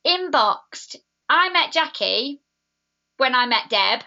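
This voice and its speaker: A woman's voice: sits high, lively intonation, slow, sharp tone. A young woman leading a sales team, chatting enthusiastically on a live video while reading viewer comments. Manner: chatty, enthusiastic, laughs easily. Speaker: network marketing team leader. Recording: dull lo-fi sound.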